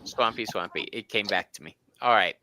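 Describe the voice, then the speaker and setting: A man hosting a live tarot stream, joking and laughing often in an animated way. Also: on the low side, brisk. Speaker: tarot reader and stream host. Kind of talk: livestream tarot chat.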